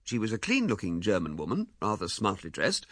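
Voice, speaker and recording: A man narrating a classic novel in a measured, expressive storytelling manner. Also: lowish voice, dry recording, studio quality. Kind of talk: scripted audiobook narration.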